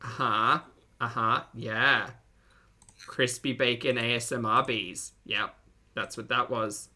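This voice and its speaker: Aussie male streamer, sunny forceful tone, giggly and chatty, reads chat aloud. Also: medium pitch, steady tone, slow pace. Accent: Australian. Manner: chatty, laughs often, reads out chat messages. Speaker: streamer reacting to videos. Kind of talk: live reaction stream, casual chat.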